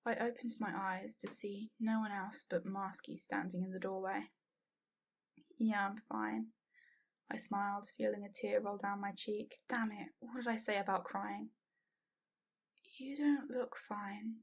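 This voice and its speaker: A woman's voice: mid-range voice, little pitch movement, moderate pace, creaky. A woman reading a first-person fanfiction story aloud, earnest and sometimes dropping to a whisper. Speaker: fanfiction reader. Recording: dull lo-fi home recording.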